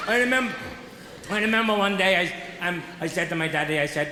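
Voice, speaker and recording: A man's voice: sits high, expressive, fast talker, sharp tone, some chatter behind. A man with an Irish accent doing stand-up, telling jokey anecdotes and acting out the people in them. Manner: jokey anecdotes, acts out characters, laughs along. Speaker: stand-up comedian. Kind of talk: live stand-up storytelling. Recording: echoey hall with background noise.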